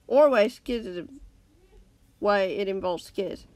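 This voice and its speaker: A woman's voice: mid-range voice, slow, a little mellow, natural voice. A woman reading aloud, voicing a defiant young male captive who challenges his captor. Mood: demanding. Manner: wary, challenging.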